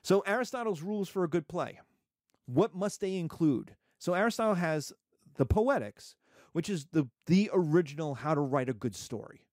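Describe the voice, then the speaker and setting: 50s guy teaching a class, high voice, jokey and rambling, dry close sound. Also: moderate pace, no echo. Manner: animated, jokey, digressive. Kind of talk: classroom lecture.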